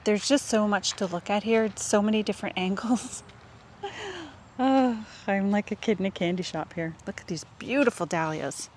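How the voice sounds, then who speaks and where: A woman vlogging as she walks through a public garden, gushing over the plants and often dropping to a hush, recorded on a handheld camera mic. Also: mid-range voice, normal speed, a little hiss or hum. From Canada. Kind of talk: casual walk-and-talk vlog.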